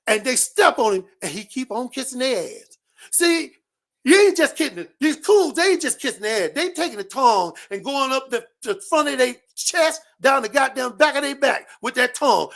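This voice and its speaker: A man hosting a show, giving a loud, profane comedic rant full of repeated catchphrases. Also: very high voice, creaky. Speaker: show host.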